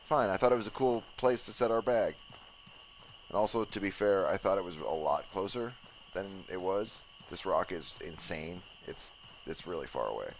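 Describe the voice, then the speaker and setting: A man's voice: sits low, animated, moderate pace, slight background noise, low-quality recording. A man giving casual gaming commentary, joking, swearing and mocking himself as he plays. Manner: profane, joking and self-mocking. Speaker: let's play gamer.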